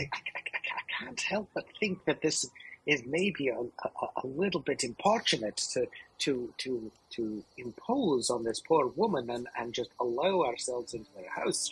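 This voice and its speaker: A man plays in a tabletop game, stumbling over words and repeating himself in a hesitant, formal way. His pitch is middle for a man, with a faint hiss behind him. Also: animated, moderate pace, a bit bright, low-quality recording. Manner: hesitant, stammering, formal wording. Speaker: player.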